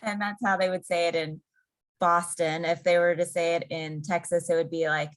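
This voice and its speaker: Interview guest: a Midwestern American woman, low-pitched, chatty and explanatory. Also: little pitch movement, normal speed. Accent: General American, Midwestern. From Ohio, United States. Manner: chatty, explains with examples, laughs often. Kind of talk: casual conversation.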